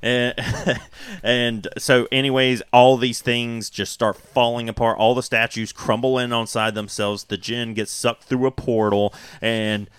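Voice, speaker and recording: Animated man recapping a movie. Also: medium pitch, a little slow, smooth, dry recording. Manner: animated storyteller, acts out quotes in silly voices, laughs often. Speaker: podcast co-host. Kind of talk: casual movie recap chat.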